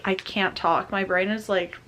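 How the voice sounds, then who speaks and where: A young woman chatting casually to the camera about books, full of fillers and animated retellings. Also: mid-range voice, measured pace. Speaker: book vlogger. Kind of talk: casual vlog chat. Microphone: camera mic, talking close to camera.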